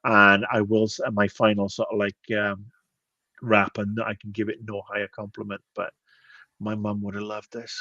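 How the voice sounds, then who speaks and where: Low-voiced man rambling on a muffled line. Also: monotone, sharp tone, no echo. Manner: rambling, halting with restarts. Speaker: podcast co-host. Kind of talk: casual chat.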